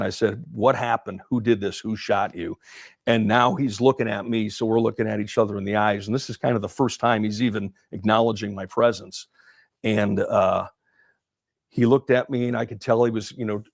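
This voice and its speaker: A man, a former police officer, telling a story in an interview, halting and full of fillers and restarts. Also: on the low side, creaky, dry recording, studio quality.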